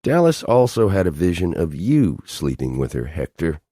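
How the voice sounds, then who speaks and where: A man's voice: low-pitched, big pitch swings, normal speed, warm tone, dry recording, clean studio sound, pitched above the performer's own voice. A man voicing a cold, commanding male alien agent in an audiobook, speaking in a clipped, exasperated way. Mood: mocking.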